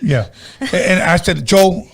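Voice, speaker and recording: Older dude hosting a podcast, crude loud storytelling, voice jumps all over. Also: male voice, sits high, animated, measured pace, vocal fry, slightly rough. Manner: crude storytelling, acts out the people he quotes. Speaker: podcast host. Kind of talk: casual chat.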